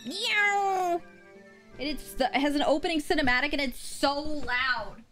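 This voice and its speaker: A woman's voice: high-pitched, steady tone, fairly quick, a bit bright. A young woman streaming a game live, talking playfully and breaking into squealing exclamations. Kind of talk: live let's play commentary. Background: game music.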